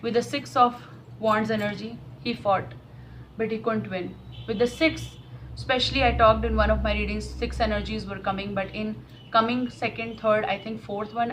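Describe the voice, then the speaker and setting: A woman's voice: medium pitch, steady tone, normal speed, a bit bright, low-quality recording. Earnest lady doing a tarot reading on camera, emotional, faint hiss behind. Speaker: tarot reader.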